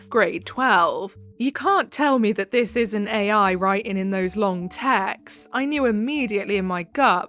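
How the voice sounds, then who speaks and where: She is a woman reading online posts with casual commentary, chatty and opinionated, and she breaks in often with her own asides. When she reads out quoted messages she flattens them into a deliberate monotone. Her pitch sits in an ordinary middle range. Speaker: Reddit story reader.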